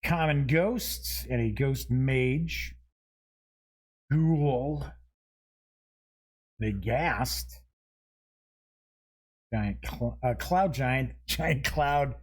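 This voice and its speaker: A man's voice: medium pitch, very slow, pauses often, husky. A man hosting a show, giving casual unboxing commentary. He reads item names aloud one after another with short asides and chuckles at himself. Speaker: show host.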